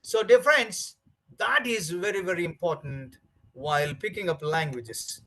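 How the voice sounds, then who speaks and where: A man's voice: sits high, measured pace, sharp tone, poor audio. A man giving a training lecture to teachers, emphatic and repetitive, with many fillers.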